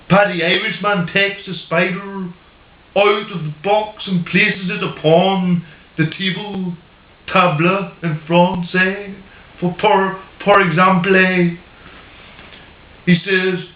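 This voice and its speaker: A man telling a long joke slowly and deliberately. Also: high voice, steady tone, reverberant, muffled recording. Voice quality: slow, drawn-out delivery. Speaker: joke teller.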